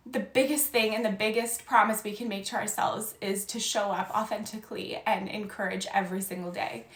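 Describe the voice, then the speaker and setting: A young woman, a life coach, giving an earnest, encouraging message on a live stream. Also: fairly high pitch. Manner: earnest and encouraging, reading viewer comments aloud. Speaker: life coach and podcast host. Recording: echoey room.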